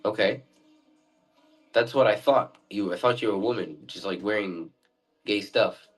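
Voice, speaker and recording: A man's voice: fairly low pitch, moderate pace, slightly rough, faint music behind, rough recording. A man on a video chat who rambles and apologizes a lot while asking questions. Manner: rambling, overly careful, keeps apologizing. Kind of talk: casual chat.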